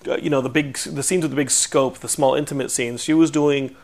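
A man's voice: medium pitch, fairly even intonation, fairly quick, creaky. A man hosting a podcast in casual chat, upbeat and full of fillers and restarts. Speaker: podcast host.

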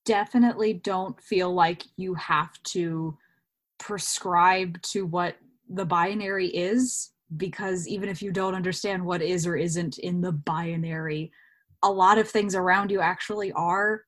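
A woman's voice: fairly low pitch, steady tone, unhurried. A woman, an actor, speaking as a guest in a casual interview over a video call, musing thoughtfully and laughing often.

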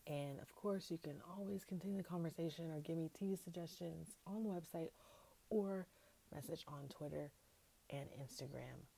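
Podcast host, female, low and gravelly, loose chatty recap delivery, slips into whispers. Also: moderate pace, dark tone. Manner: chatty, slangy, laughs often, drops to whispers. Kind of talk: casual solo TV recap.

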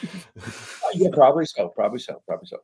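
A man's voice: mid-range voice, sing-song, fairly quick, dark tone, husky. A man, a podcast guest rambling through anecdotes with lots of fillers and voicing the people he quotes. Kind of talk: casual interview storytelling.

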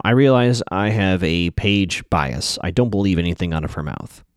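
A man's voice: mid-range voice, dry recording, clean studio sound. A man casually recapping a TV episode, chatting to viewers he calls folks.

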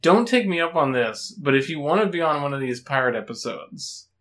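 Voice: mid-range voice, expressive, a little fast, fairly bright tone. Tipsy, giggly podcast co-host. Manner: rambling, giggly, jumps between topics. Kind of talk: casual chat.

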